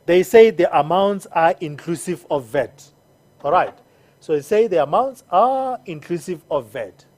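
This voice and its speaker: A patient accounting teacher talks slowly through each step of a recorded lesson. The voice is mellow, and it keeps checking in with the learners before moving on. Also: medium pitch, lively intonation. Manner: patient, repeats steps and checks in with "all right?".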